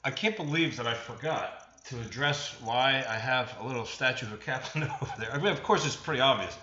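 A man's voice: mid-range voice, a little fast, pushed and bright, roomy sound, muffled recording. A man hosting a podcast, giving a rambling solo outro and correcting himself as he goes. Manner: rambling, self-correcting, chuckling. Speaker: podcast host.

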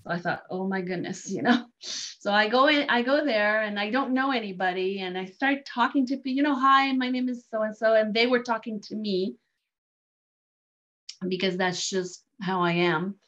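A woman telling a story in a casual, animated way, laughing often and restarting lines. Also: medium pitch, moderate pace. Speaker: guest sharing a story. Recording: dull lo-fi sound.

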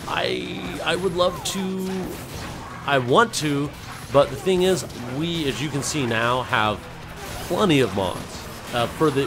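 A young man streaming a game live, rambling casually while reading chat aloud and breaking into hyped shouts. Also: mid-range voice. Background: music.

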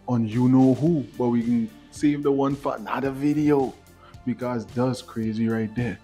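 A man's voice: mid-range voice, measured pace, dark tone, dull audio, soft background music. A man hosting a vlog, chatty and hyping up his viewers. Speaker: vlog host. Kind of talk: casual commentary.

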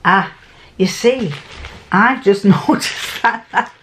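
A woman's voice: mid-range voice, slow, slight background noise. An older woman, chatting casually to camera as a sewing vlogger. She rambles and often restarts or corrects herself mid-sentence.

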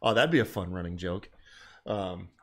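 A man's voice: sits low, normal speed, fairly bright tone. A man co-hosting a casual wrestling recap podcast, laid-back and jokey, slipping into quoted voices. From American South. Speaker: podcast co-host.

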